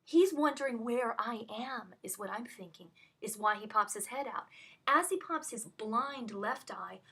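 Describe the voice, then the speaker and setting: A woman's voice: fairly high pitch, animated, measured pace, bright, forceful tone, husky. A woman on a phone call, telling what happened in an agitated, rambling way full of restarts. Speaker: caller recounting an incident. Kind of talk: emotional phone conversation.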